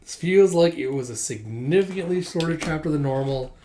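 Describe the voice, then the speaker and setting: Male manga reviewer, easygoing and rambling, voice a bit high. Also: animated, normal speed, dark tone, slight background noise. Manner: rambling, thinking aloud with fillers. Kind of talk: casual commentary.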